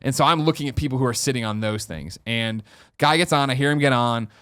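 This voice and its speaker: A man's voice: medium pitch, fast, fairly bright tone, smooth. A man hosting a podcast, telling a story in casual chat and acting out the people he quotes. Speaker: podcast host. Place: podcast studio.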